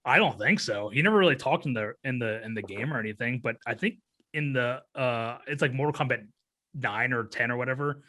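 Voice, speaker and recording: A man co-hosting a casual film review podcast, animated and laughing often, his voice jumping high when excited. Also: a little fast. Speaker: podcast co-host.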